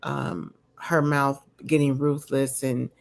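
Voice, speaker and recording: Her voice is a rumbling low with little pitch movement, and she speaks slowly. The woman, a vlogger at home with a dog nearby, gives a chatty, rambling reality show recap, heavy on "you know" and "um," with candid opinions.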